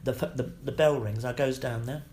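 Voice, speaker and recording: An older man, a guest actor, telling anecdotes in an interview, lively, swearing freely and laughing between stories. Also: medium pitch, a little fast.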